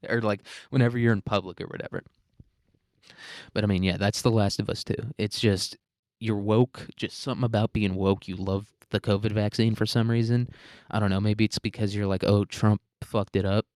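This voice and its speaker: Crude, sarcastic low-voiced man. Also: fairly even intonation, brisk, darkish tone, dry recording, studio quality. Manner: crude, sarcastic and rambling, with frequent chuckles. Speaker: podcast host. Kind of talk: solo comedic rant.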